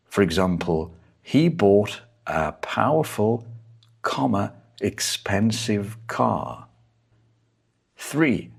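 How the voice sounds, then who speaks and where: Slow, low-voiced man teaching punctuation. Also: breathy edge. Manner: careful, deliberate, spells out each punctuation mark. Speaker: English teacher. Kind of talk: slow explanatory lesson.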